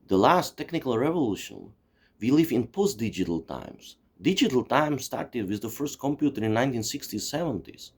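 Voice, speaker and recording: Host from Czechoslovakia, forties, rambling sweary monologue, low husky voice. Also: male voice, darkish tone. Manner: swearing, digressive, heavy "you see" and "you know". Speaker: channel host.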